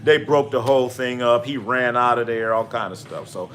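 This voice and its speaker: On his live sports stream, this host mixes casual, profane commentary with storytelling and calls out chat names, livening up as he acts out stories. He has a mid-range voice and a moderate pace, with slight background noise.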